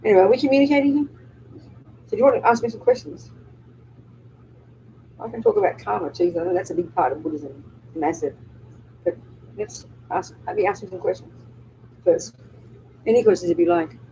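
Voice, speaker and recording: A woman's voice: medium pitch, a little fast, long pauses, mellow, slight background noise, poor audio. A woman Buddhist nun giving a live dharma talk, speaking emphatically and often checking with the audience through rhetorical and tag questions.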